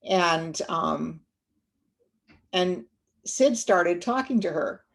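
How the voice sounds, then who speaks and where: A woman guest speaker telling a reflective story in a webinar, gentle and unhurried, with many fillers and restarts. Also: fairly low pitch, expressive.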